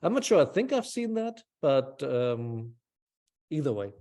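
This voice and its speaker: A man's voice: medium pitch, sing-song, unhurried, mellow. A man teaching a small language class over a video call, patient and encouraging, thinking aloud with fillers.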